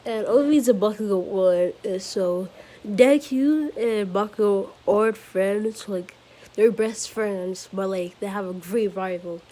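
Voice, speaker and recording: A woman's voice: mid-range voice, measured pace, warm tone. A woman improvising a fan-fiction story, rambling and correcting herself as she goes, with fillers and small giggles.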